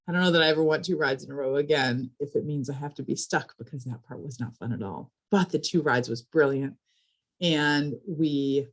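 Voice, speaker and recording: A woman from a library telling a personal story in a casual, animated way, building suspense with repeated phrases. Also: low voice, slightly rough.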